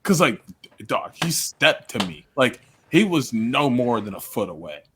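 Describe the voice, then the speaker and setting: A man of middle pitch spins a story in loose, casual podcast chat. He acts out every quote and laughs through the telling, with a light hiss of noise behind him. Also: very animated, unhurried, sharp tone. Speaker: podcast co-host and coach.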